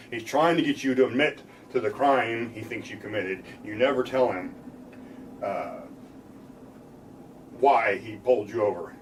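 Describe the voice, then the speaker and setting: A man's voice: fairly low pitch, recorded from a distance, slight background noise, poor audio. A man, a lawyer from the United States, explaining legal rights to viewers in a plain-spoken way, sometimes acting out police questions. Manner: plain-spoken, acts out police lines with a laugh.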